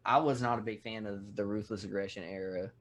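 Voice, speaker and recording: A man's voice: on the low side, fairly quick. A Texan man co-hosting a podcast, ranting in casual chat and swearing freely. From Texas. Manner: profane, animated rants. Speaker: podcast co-host.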